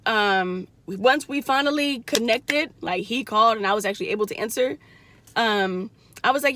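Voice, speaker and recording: A young woman talks straight to her viewers in a blunt, profane way, acting out each line of a conversation. Her voice sits a little high for a woman. The sound is dry and close, with no room echo. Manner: blunt, profane, animated retelling with quoted voices. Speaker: vlogger. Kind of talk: casual storytelling to viewers.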